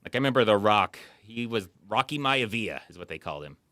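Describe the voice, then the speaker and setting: A man talks through movies in a relaxed, rambling way, with plenty of ums and likes. His voice is bright and swings widely in pitch. The sound is dry and close to the mic. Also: a little fast, no echo. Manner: animated, rambling, frequent fillers. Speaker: podcast co-host. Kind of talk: casual chat.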